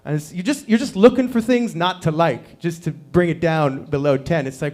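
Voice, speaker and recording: A man in his thirties doing a deadpan stand-up set at a small open mic, acting out quotes with big jumps in pitch. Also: normal speed, hardly any pauses. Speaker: stand-up comedian. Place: small performance venue.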